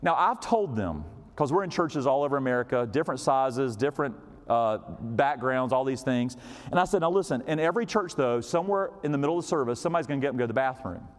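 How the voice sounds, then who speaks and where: A man preaching as a pastor, telling a story in an animated way and acting out quoted voices, sometimes dropping to a whisper. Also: mid-range voice, fast talker. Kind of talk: storytelling sermon. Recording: long hall reverb.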